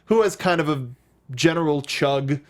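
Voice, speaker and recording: A man hosting a casual recap chat, with a slightly raised voice. He rambles playfully, stacking tangents and jokes as he talks. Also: moderate pace. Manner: rambling, playful, quotes himself in high voice. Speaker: host.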